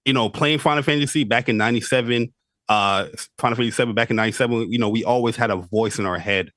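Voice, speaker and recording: A man hosting a podcast, asking questions in a relaxed, conversational way. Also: mid-range voice, fast, no echo, studio quality. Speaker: podcast host. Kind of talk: casual interview chat.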